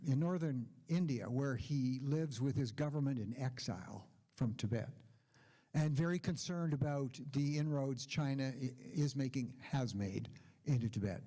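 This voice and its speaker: A man's voice: medium pitch, normal speed, mellow. An older man giving a conference keynote speech, telling stories with asides. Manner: anecdotal storytelling with asides. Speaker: keynote speaker.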